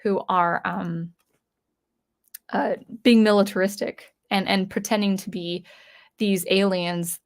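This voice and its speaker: Rambling, animated woman reviewing comics. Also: mid-range voice, slow pace, long pauses. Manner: rambling, animated, searches pages while talking. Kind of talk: casual spoken review.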